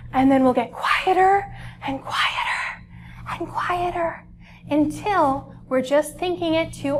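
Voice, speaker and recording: A young woman leading preschoolers through yoga and calming exercises, speaking in a gentle, encouraging way. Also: high voice, a little hiss or hum. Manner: slow, soothing, encouraging. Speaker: children's librarian leading yoga.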